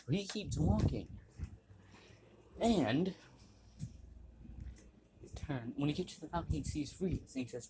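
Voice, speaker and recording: A young man casually retelling a fan story, halting with restarts and frequent throat clearing. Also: a little high, lively intonation. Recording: noisy home recording.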